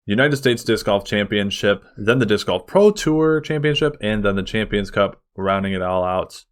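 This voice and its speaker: A man co-hosting a sports podcast in casual chat, excitable and full of fillers. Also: fairly low pitch, normal speed, clean tone. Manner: excitable, uses lots of fillers. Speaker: podcast co-host.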